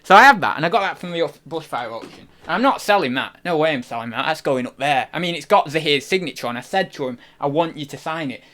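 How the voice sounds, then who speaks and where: Fast and barely pausing, a young man with a fairly high, pushed, bright voice rambles animatedly on a casual livestream. He jokes and breaks off his own sentences, using a desk microphone.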